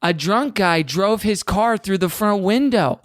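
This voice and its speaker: This podcast host, a Texan in his thirties from suburban Houston, chats casually and spins meandering stories, correcting himself and circling back again and again. He has a high voice with lively intonation and a slightly slow pace, captured in studio quality without any room sound.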